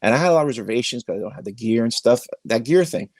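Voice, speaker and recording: Male podcast host, mid-pitch, emphatic and rambling, dry close phone recording from a bedroom. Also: lively intonation, rapid-fire, a little mellow, no room sound. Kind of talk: casual interview chat. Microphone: iPhone.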